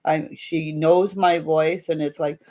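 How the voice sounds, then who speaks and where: A woman's voice: sits low, fairly even intonation, takes it slowly, a little mellow, slight background noise. A middle-aged woman, chatting casually and rambling as she hosts a live stream for viewers, laughing often along the way. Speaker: livestream host.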